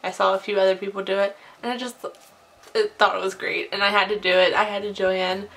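Chatty young woman, gravelly edge. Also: medium pitch, flat delivery, fast, a bit bright. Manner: cheerful, chatty. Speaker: vlogger. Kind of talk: casual vlog sign-off.

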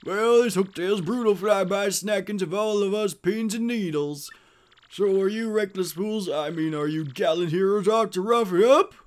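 A man voicing a long-winded, self-satisfied old village mayor in a video game, his voice pushed up high. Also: normal speed, natural voice. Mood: pompous.

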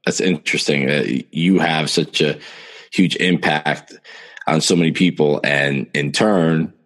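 A man's voice: a bass voice, fairly even intonation, unhurried, a bit bright. A man hosting a casual interview, giving short affirmations and reflective comments. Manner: gives brief affirmations, reflective. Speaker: podcast host.

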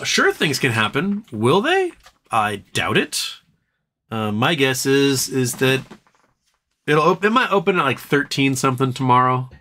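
A man's voice: bright, forceful tone, a little hiss or hum. A man hosting a casual live stream, rambling and joking while reading chat and talking to his dog. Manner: rambling, jokey, talks to his dog in a high baby voice. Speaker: livestream host.

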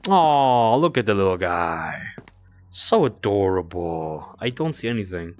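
A young man talks casually through a game, his voice rising and falling a lot. He gets excitable and slips into high, cooing baby talk now and then. Soft game music plays faintly underneath. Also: measured pace. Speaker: gaming video creator. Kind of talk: casual gameplay commentary.

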